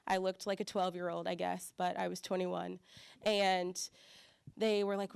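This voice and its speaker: A woman's voice: medium pitch, measured pace, gravelly, clean tone, no echo, clean studio sound. Chatty young woman with Southern lilt. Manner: chatty, animated quoted voices, many fillers. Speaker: church staff speaker. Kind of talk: conference breakout talk.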